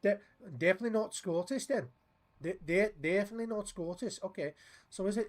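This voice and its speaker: Bloke streaming games, rambly and sweary, slightly higher voice. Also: male voice, fairly quick. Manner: rambling, sweary, chatty with viewers. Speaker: game streamer. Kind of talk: casual live-stream chat.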